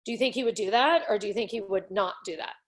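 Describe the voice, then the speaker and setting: A woman's voice: mid-range voice, fast talker. A woman coaching a parent through play strategies, talking casually and acting out little scenes. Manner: encouraging, acts out scenes with playful voices. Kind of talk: coaching conversation.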